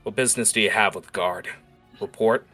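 A man voicing a gruff, angry, worn-out captain of the guard. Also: lowish voice, fairly quick, pushed and bright, faint music behind.

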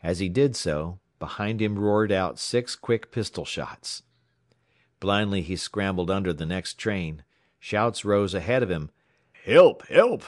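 A man from the United States narrating a story aloud in a dramatic, expressive way. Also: low voice, a little slow, no room sound, clean studio sound. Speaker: audiobook narrator. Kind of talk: scripted narration.

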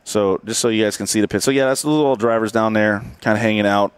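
Up in a racetrack grandstand overlooking the pit, a man hosts a casual live podcast in a lowish, smooth voice that is fast and fairly even in intonation. His delivery is rambling and joking, full of restarts and filler words.

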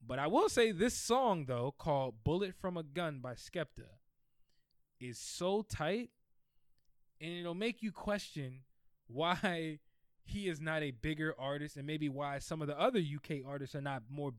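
A man co-hosting a casual music podcast, talking in a slightly high voice. He jokes, laughs and ribs his partner. The sound is dry and close to the mic. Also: a little slow, clean tone, dry recording. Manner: animated, laughing, playful ribbing. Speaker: podcast co-host. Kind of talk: casual music review chat.

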